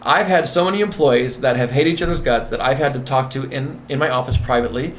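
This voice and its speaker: A man being interviewed as a nurse manager and executive coach, talking in an emphatic, repetitive, animated way. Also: mid-range voice, fast, slight background noise.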